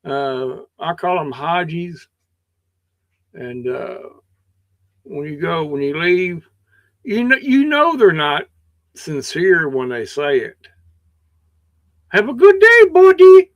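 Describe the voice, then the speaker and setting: A man's voice: fairly high pitch, lively intonation, slow pace, long pauses, fairly bright tone, no room sound. A man with a Kentucky accent hosting a livestream in rambling casual chat, his throat a bit scratchy, drawling and meandering with many restarts. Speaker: livestream host.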